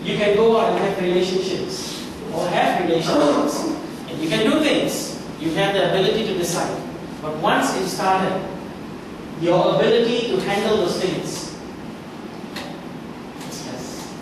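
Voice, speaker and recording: A man's voice: sits high, measured pace, long pauses. A male guest pastor preaching a conversational sermon at a church camp, repeating points and asking the audience questions. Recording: echoey hall, distant mic, ambient noise.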